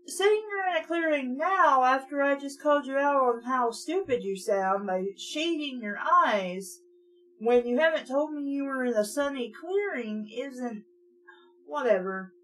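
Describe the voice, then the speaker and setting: A woman's voice: high-pitched, animated, unhurried, fairly bright tone. A young woman reading a children's horror book aloud and interrupting it with sarcastic, mocking asides. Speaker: book reader and commentator. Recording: distant mic with faint hum.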